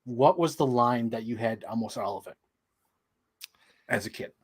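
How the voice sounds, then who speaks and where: A man's voice: medium pitch, normal speed, breathy edge. A man hosting a casual toy stream, laughing often, teasing his guest and swearing casually. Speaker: podcast host. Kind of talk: casual chat about toys.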